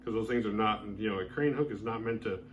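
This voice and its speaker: A man with a fairly low voice recaps a horror film as a show host. He rambles casually and leans on filler words. A faint room hum sits behind him. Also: fast talker, highs cut off. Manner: rambling, heavy use of "like" fillers. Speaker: horror movie review host.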